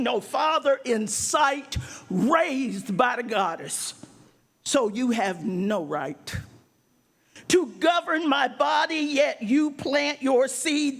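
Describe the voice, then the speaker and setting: Intense woman performing spoken word. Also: high-pitched. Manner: intense, rhythmic, building to shouts. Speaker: poet.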